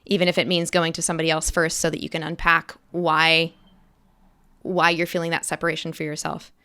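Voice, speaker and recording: A woman's voice: low voice, little pitch movement, a little fast, bright, forceful tone, smooth, no room sound, clean studio sound. A woman actress, a guest in an interview, talking casually and acting out little quoted voices as she explains.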